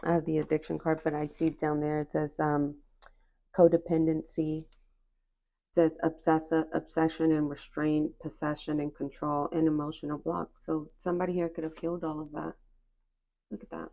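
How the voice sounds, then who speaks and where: A woman's voice: low-pitched, flat delivery, moderate pace, vocal fry, mellow. A woman giving a spiritual oracle card reading to her viewers, reassuring and encouraging in a casual, slangy way, often repeating phrases.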